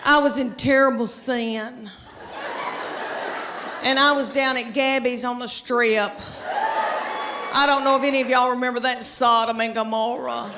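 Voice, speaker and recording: Southern female comic, 50s, higher pitch, drawling and chatty, faint room noise from a live stage. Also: fairly even intonation, a little slow, long pauses, big-room sound. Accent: Southern American. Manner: chatty, drawling, addresses the audience directly. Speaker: stand-up comedian. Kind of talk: stand-up comedy set. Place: theater stage before a live audience.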